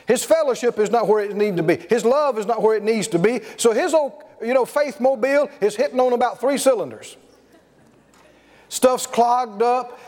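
Brief: middle-aged preacher man, very high, lively storyteller, long echoing hall. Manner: animated storytelling, chuckling. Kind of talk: sermon.

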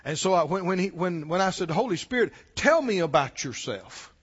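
Male pastor, sermon delivery, emphatic swings from shouts to low tones, dull recording. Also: big pitch swings, moderate pace, breathy edge, long reverb tail. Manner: emphatic preaching, rising to shouts and dropping low.

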